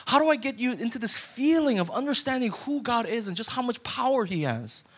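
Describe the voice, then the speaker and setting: A man's voice: extremely high pitch, sing-song, brisk, fairly bright tone, breathy edge. A man in his thirties, a pastor preaching a sermon in a conversational way that builds to urgent, repeated questions.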